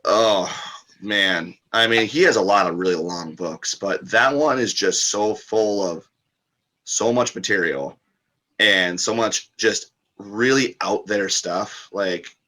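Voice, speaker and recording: A man with a very low voice that still carries a bright, forward edge. He talks loosely and casually as a podcast guest, circling back with fillers and restarts as he thinks aloud. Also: takes it slowly. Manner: rambling, lots of fillers and restarts.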